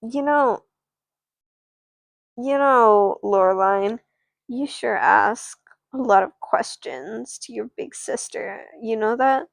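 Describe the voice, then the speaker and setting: A woman's voice: fairly high pitch, lively intonation, slow pace, creaky, no room sound, full character voice. A woman voicing a cold, stern mother who scolds her daughter in a doll-play story.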